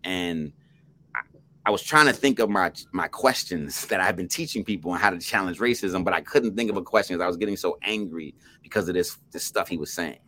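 A middle-aged man from New Jersey, a podcast guest telling a story in an animated, emphatic way with restarts. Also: low voice, fairly quick, a little hiss or hum.

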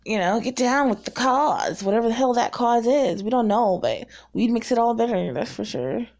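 A woman's voice: on the high side, expressive, moderate pace, vocal fry, darkish tone. A woman around forty from North Carolina, raised in Virginia, chatting casually and frankly to her viewers, rambling and laughing often. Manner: frank and self-deprecating. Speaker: vlogger.

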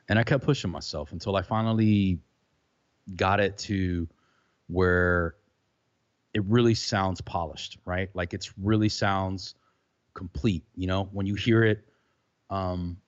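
A man's voice: low-pitched, measured pace. Man talking loosely over a dull remote line. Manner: loose, rambling with many fillers. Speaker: podcaster guest. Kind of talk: casual chat. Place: home room with some reverb, remote.

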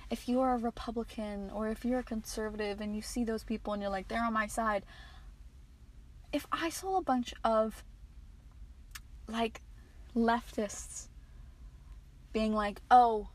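Sitting in a parked car, a late-teens woman from the United States records a solo episode of her podcast; she's nineteen. Her slightly high, slightly mellow voice moves at a measured pace with frequent pauses, and the audio is poor. She talks frankly and meanders, swearing and starting over.

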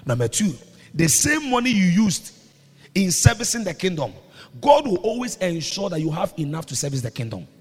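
A man preaching a sermon as pastor, breaking into shouts and sung phrases, recorded in a reverberant church hall with music behind. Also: high-pitched, very animated, normal speed, slightly rough.

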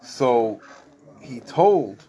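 A man giving a Talmud lesson, reading Aramaic passages and translating them in a sing-song study cadence with halting restarts. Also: mid-range voice, very animated, dark tone, highs cut off. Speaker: Talmud teacher.

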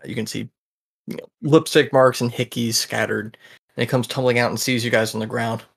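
Man, game master, gravelly voice, casual crude narration. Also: medium pitch, fairly even intonation, fairly quick, a bit bright.

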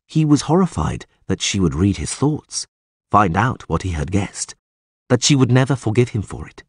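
Husky, expressive male audiobook narrator. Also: fairly low pitch, moderate pace, no room sound, clean studio sound.

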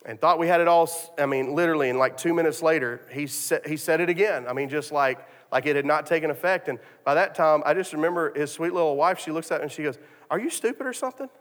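A man preaching a sermon, telling a story with many restarts and repeated words. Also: a little high. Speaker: pastor. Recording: long hall reverb.

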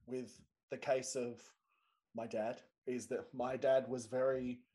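A man hosts a podcast, asking questions and trading quips with his guest. His voice sits at an average pitch, and his talk is loose and friendly. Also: flat delivery, slow. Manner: warm, joking interviewer. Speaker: podcast host. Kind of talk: casual conversation.

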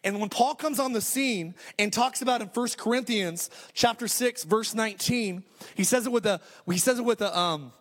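A man preaching a sermon in a notably high voice. He drives his points home emphatically, circling back and restarting phrases as he builds. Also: moderate pace, a bit bright. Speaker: pastor.

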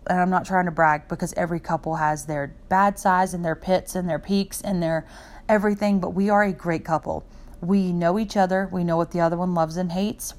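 Rambling, heartfelt young woman podcaster. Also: on the low side. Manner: rambling and heartfelt, jumps between points. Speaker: podcast host. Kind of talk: unscripted personal podcast monologue.

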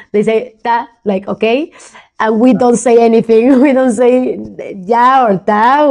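A woman from Argentina with an Argentine Spanish accent, a native Spanish speaker. She chats as an interview guest, often pausing to search for words and laughing lightly. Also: on the high side, a little mellow. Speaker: guest, professional poker player. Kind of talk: casual interview chat.

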